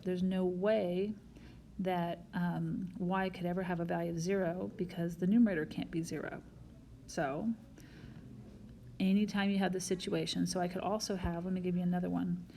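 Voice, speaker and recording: A woman's voice: fairly low pitch, vocal fry, a little mellow, slight background noise. A woman math teacher recording a whiteboard lesson, explaining each step patiently and talking straight to her students.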